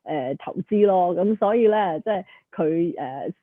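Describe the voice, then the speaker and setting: A woman hosting an interview, summarizing for viewers and pausing often to search for words. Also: on the low side, lively intonation. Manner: hesitant, with frequent filler sounds. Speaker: host. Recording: tinny phone-like line, dry.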